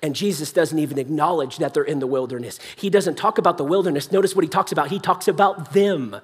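A man's voice: on the high side, quick pace, husky. A young adult man preaching a sermon in a church hall, impassioned yet conversational.

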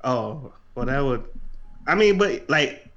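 A man chats on a podcast in a mid-pitched voice, hesitant and full of fillers. His mic sounds dull and lo-fi, without much top end. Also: animated, takes it slowly, fairly bright tone. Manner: laid-back, hesitant, with many fillers. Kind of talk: casual chat.

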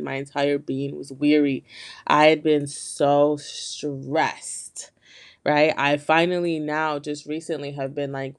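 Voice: mid-range voice, clean tone. Earnest, chatty podcast host. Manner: earnest, candid, heavy on filler "like". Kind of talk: casual solo podcast talk.

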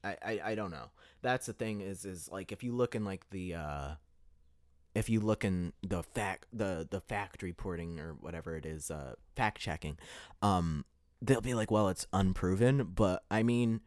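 A man's voice: deep voice, unhurried, a little mellow, no echo, clean studio sound. A man hosting his own podcast, giving a casual opinion monologue and thinking aloud as he searches for his words. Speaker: podcast host.

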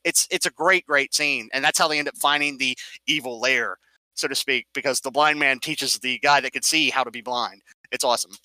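A man's voice: mid-range voice, fairly quick, dry recording, low-quality recording. A man in casual conversation, animatedly retelling film scenes and explaining details. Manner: animated storyteller, acts out scenes. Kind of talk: casual movie discussion.

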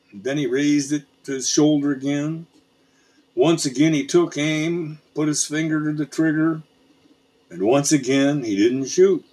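A man narrating a frontier tall tale in a folksy, unhurried storytelling manner. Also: a little high, darkish tone, husky.

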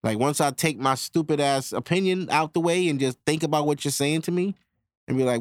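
A man's voice: a little high, dry recording, studio quality. A man, hosting a podcast in a loose, profane solo monologue. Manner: loose, profane, acts out quick back-and-forth voices. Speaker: podcast host. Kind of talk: casual monologue.

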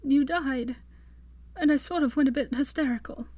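A woman voicing an emotional young woman, speaking softly and earnestly in a raised voice, in a storybook reading. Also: normal speed, no room sound, natural voice. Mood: tender. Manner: soft, high and earnest.

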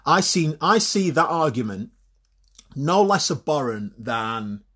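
A man talks through his opinions alone in a husky, slightly breathy voice. He is blunt and swears freely. He often restarts and repeats words while he works through a point. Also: fairly high pitch, big pitch swings, takes it slowly, bright, forceful tone. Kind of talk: opinionated solo monologue.

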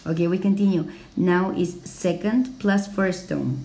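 A woman teaching in a podcast lesson, speaking slowly and carefully with many fillers, her voice still a little hoarse as it recovers. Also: lowish voice, dark tone, a little hiss or hum. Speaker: language teacher.

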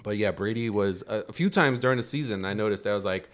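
A man hosting a podcast, explaining sports bets in a relaxed, casual chat. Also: fairly low pitch, fast talker. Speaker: podcast host.

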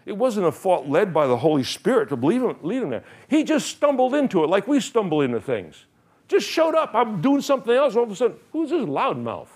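A man's voice: sits high, huge pitch swings, a little fast, a little mellow, husky. A middle-aged male pastor preaching a sermon, animatedly retelling Bible stories and acting out the characters' lines with frequent laughter.

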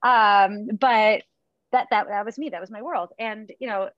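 A woman running coach, chatting on a podcast, telling lively stories and often laughing. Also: medium pitch, a little slow, dry recording, lo-fi sound. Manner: chatty storyteller, laughs often, acts out quotes. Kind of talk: casual chat.

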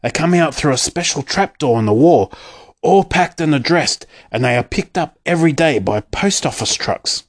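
A man voicing a gentle old grandfather in a storybook reading, telling a tale softly. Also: fairly high pitch, expressive, normal speed, natural voice. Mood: storytelling. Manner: soft and hushed.

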